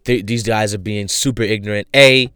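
A man casually retelling a show he recommends, animated and full of fillers. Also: mid-range voice, normal speed, clean tone, no echo, studio quality. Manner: animated storyteller, many fillers.

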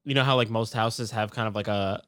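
A man's voice: lowish voice, steady tone, brisk, a bit bright, no echo, clean studio sound. Rambling, chuckling man co-hosting a podcast. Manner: rambling, filler-heavy, chuckling. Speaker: podcast co-host. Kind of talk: casual movie-review chat.

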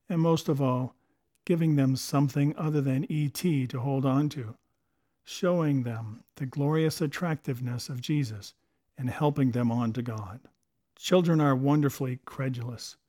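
A man's voice: medium pitch, a little mellow. A man reading a short devotional essay aloud for a story podcast, with a storytelling delivery. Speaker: podcast host and reader.

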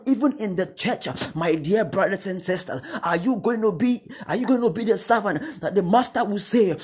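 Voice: mid-range voice, expressive, normal speed, hardly any pauses, slightly rough. A preacher giving a sermon, exhorting the listeners with repeated questions and refrains that rise into fervent calls. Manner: repetitive exhortation, rising to fervent repeated cries.

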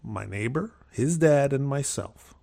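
A man in his fifties with a gravelly, creaky voice at an ordinary pitch. He talks casually and rambles, restarting phrases and acting out quotes with lively asides. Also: a little slow. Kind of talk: casual storytelling chat.

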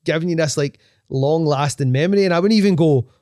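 Male DJ guest, young, mellow, dry close sound, rambles fast and swears freely. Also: fairly high pitch, no echo. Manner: fast rambling talk, swearing, full of fillers. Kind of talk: casual chat.

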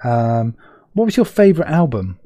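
A British man hosts a relaxed interview over a video call, his voice mellow and warm. He rambles, restarts his thoughts and chats loosely. The sound is dry and close. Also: mid-range voice, normal speed, no room sound. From United Kingdom. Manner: rambling, self-interrupting, chatty. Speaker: podcast host. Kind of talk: casual conversational interview.

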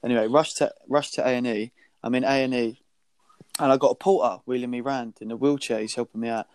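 A man's voice: mid-range voice, steady tone, fast talker, darkish tone, no room sound. Laddish man telling a story. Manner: swearing, laddish anecdote-telling. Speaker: podcast co-host. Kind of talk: casual storytelling chat.

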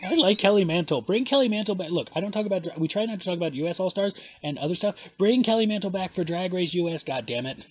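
Excitable husky-voiced man podcasting. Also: high voice, fast, few pauses. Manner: excitable, swears, reads bios aloud. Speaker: podcast host. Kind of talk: casual podcast chat.

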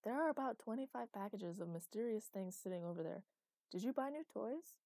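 A woman voicing a wry, gently teasing young man in an audiobook, with a mellow voice. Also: medium pitch, lively intonation, brisk, no echo, lightly acted. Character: dry, teasing young man, patient partner.

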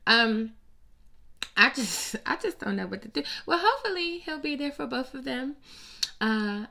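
A woman hosting casual celebrity gossip commentary, blunt and profane, with an animated, sassy delivery. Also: on the high side, moderate pace, gravelly, long pauses. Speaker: host.

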